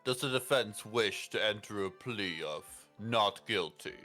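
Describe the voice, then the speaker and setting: A man's voice: fairly low pitch, sharp tone, soft background music. A man reading as a stern formal old judge. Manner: formal, measured. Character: stern older male courtroom judge. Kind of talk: game voice-over let's play.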